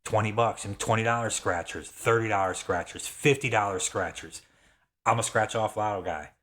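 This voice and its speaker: A man in his thirties making an excited, repetitive sales pitch, getting worked up as he talks. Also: normal speed. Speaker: affiliate marketer. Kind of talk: excited sales pitch, self-described rant.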